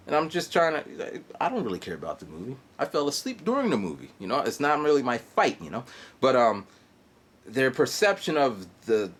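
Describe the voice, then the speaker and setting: A man in his forties vlogging a rambling, halting story full of fillers, digressions and mouth sound effects. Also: medium pitch. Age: 40s. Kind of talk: rambling monologue. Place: guest house in Japan.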